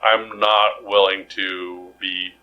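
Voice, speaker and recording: A man's voice: low-pitched, flat delivery, takes it slowly, lo-fi sound. A man co-hosting a podcast in casual chat, rambling and jokey with many restarts. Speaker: podcast co-host.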